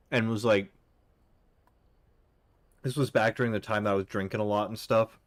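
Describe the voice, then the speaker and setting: A young man chats on a live stream, rambling between chat messages with plenty of fillers. His voice is on the low side and recorded close and dry at a desk mic. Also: fairly even intonation, normal speed, no echo. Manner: rambling, filler-heavy, reads chat aloud.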